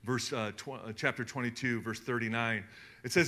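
A middle-aged pastor preaches a conversational, animated sermon, reading scripture aloud between asides. He speaks at mid-range pitch and normal speed.

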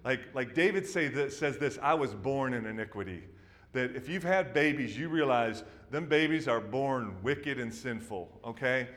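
A male pastor in his thirties preaching a sermon, telling the story in an animated way, rising to loud excitement and dropping to hushed intensity. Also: mid-range voice, normal speed, few pauses, long reverb tail.

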